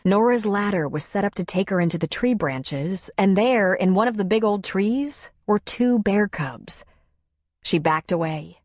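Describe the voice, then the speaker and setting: A woman narrating a romance audiobook in a steady, expressive reading. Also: medium pitch, no room sound. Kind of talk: scripted narration. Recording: dry close studio sound.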